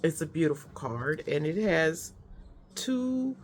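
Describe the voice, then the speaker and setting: A woman's voice: sits low, big pitch swings, slow pace, a little hiss or hum. A woman hosting a personal vlog, speaking in an effusive, emotional way with many fillers. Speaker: host. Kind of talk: heartfelt personal vlog chat.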